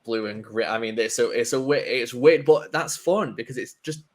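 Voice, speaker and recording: A man's voice: mid-range voice, moderate pace. A man on a film podcast, chatting casually and rambling with many restarts. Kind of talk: casual chat.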